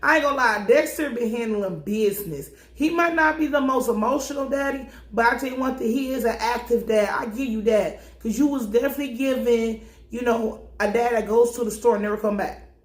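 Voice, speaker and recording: A woman's voice: fairly high pitch, brisk. A young adult woman recapping a TV episode in a casual, slangy, profane and joking way. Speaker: TV recap vlogger. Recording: echoey room.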